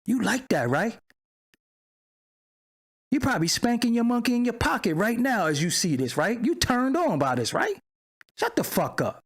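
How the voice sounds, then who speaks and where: Male streamer host, gravelly voice, lively swooping delivery, profane and mocking, picks fights with chat. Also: extremely high pitch, moderate pace, pauses often. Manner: argues with chat viewers. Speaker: channel host. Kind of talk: livestream commentary rant.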